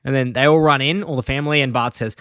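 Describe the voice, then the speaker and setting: A man of middle pitch co-hosting a podcast, retelling scenes in a loose, chatty way and breaking into laughs as he quotes lines. The sound is dry and close, with no room around it. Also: fairly even intonation, fast, fairly bright tone, dry recording. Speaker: podcast co-host. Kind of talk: casual chat recapping an episode.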